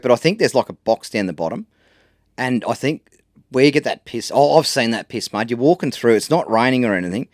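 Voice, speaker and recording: A man's voice: mid-range voice, no room sound, studio quality. An Australian man co-hosting a podcast, yarning in a rambling, laid-back way with plenty of fillers. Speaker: podcast co-host. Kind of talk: casual chat.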